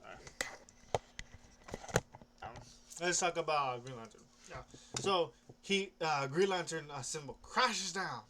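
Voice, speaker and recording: Young guy, casual rambler, slightly higher pitch, faint hiss behind him, lots of false starts. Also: expressive, takes it slowly, long pauses. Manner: rambling, hesitant, with many restarts and casual swearing. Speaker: comic book vlogger.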